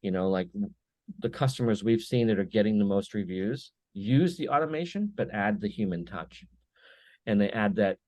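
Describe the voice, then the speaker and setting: A man on a podcast as a guest, chatting casually and telling animated stories with little acted-out bits of dialogue. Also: fairly low pitch, normal speed, no echo. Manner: animated storyteller who acts out little dialogues. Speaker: podcast guest, business owner. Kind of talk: casual conversation.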